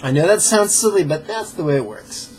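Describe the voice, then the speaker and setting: A man leading a pronunciation drill as a meditation teacher, playful and joking, sounding out syllables slowly and carefully. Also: fairly high pitch, lively intonation, a little mellow, soft background music. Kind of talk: pronunciation drill in a live lesson.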